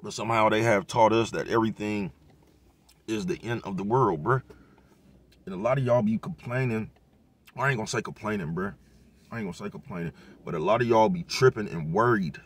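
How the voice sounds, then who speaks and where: Dude talkin aave, chill and rambling, cussing a lot, kinda low voice, keeps checking you get him. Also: male voice, fairly quick, breathy edge. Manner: laid-back, profane street talk, constant "you know what I'm talking about". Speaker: vlogger giving life advice. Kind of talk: casual motivational monologue.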